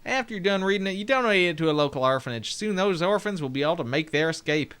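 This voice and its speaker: A man's voice: high voice, expressive, quick pace, a bit bright, clean tone. A young man streaming a game, playfully commenting and reading dialogue aloud. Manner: playful, jokey, laughs often.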